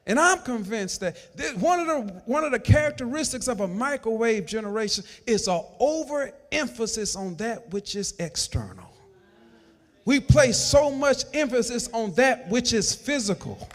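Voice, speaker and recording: A man preaching a sermon as pastor, with emphatic delivery that swells into shouted lines. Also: extremely high pitch, very animated, normal speed. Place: church sanctuary. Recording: long church hall reverb.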